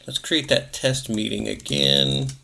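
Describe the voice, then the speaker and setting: Male tutorial host, low and gravelly, relaxed step-by-step narration. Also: measured pace. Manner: casual, self-correcting, narrates clicks step by step. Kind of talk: screen-recorded software walkthrough.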